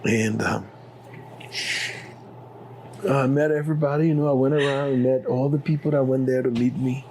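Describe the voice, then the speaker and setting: Liberian guy retelling his story, gravelly voice, bit of hiss behind. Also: mid-range voice, normal speed. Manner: animated retelling, acting out dialogue. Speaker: interview guest. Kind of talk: personal storytelling.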